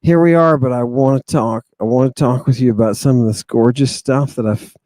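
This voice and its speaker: A man hosts a livestream, chatting straight to his viewers with a theatrical flair and saying many lines twice. His voice is dark and mellow, and it sounds close and dry, with almost no room around it. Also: medium pitch, a little fast, dry recording. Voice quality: repetitive, theatrical, addresses congregation. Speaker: livestream host. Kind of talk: casual livestream talk to viewers. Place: outdoors in the wind.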